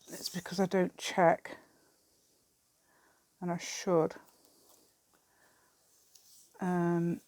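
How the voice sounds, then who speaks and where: A woman's voice: on the low side, darkish tone. A woman chatting casually while she crafts at an outdoor table, rambling along with self-deprecating asides. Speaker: craft vlogger. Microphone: camera set on the table.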